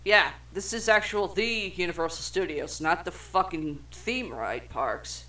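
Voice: medium pitch, expressive, measured pace, pushed and bright. A young adult podcast co-host reading film trivia aloud in casual chat, swearing freely and stumbling over words.

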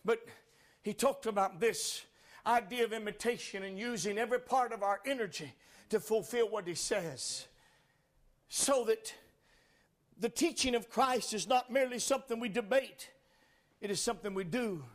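High-voiced fervent male preacher. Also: normal speed. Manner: fervent, frequent "uh" fillers, rising to shouts. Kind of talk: sermon.

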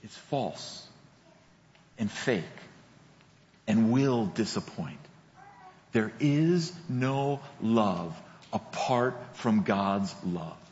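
A male pastor preaching a sermon, slow and deliberate, repeating key phrases for emphasis. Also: lowish voice, expressive, a little mellow. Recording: dull lo-fi sound with long hall reverb.

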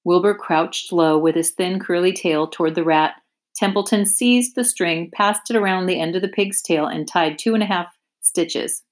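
A woman teacher reading a children's chapter book aloud with clear, expressive narration. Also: fairly low pitch, normal speed. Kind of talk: storybook read-aloud.

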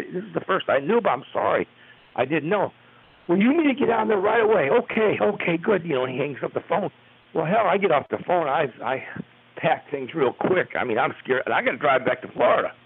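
A man's voice: mid-range voice, breathy edge. Older man telling stories over a phone line. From United States. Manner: rambling, animated retelling with restarts. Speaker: retired baseball umpire, interview guest. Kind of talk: storytelling in an interview. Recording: tinny phone-line audio.

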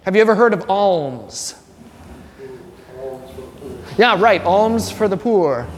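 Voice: medium pitch, animated, slow pace. Classroom teacher, joking and chatty, quizzes students, long room reverb. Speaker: religion teacher. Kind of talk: classroom lesson with student questions.

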